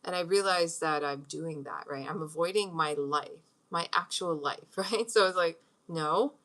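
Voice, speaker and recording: A woman's voice: low voice, a little slow, a bit bright. A middle-aged woman hosting a meditation talk at home, chatting casually and rambling, with frequent laughs. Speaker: host leading a meditation practice. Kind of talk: casual spoken talk with guided breathing.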